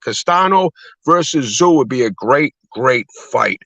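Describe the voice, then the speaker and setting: A man's voice: medium pitch, lively intonation, a little slow, gravelly, bright, forceful tone, dry recording. Profane, blunt man in boxing banter. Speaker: podcast co-host. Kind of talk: heated casual boxing chat. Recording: dull lo-fi dry sound.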